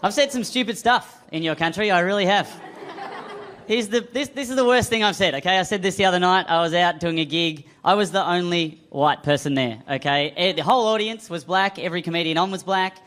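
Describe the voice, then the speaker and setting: A man's voice: high-pitched, fairly quick, fairly bright tone. An Australian man doing a self-mocking stand-up set on a comedy club stage, with the audience laughing along. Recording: live club crowd noise.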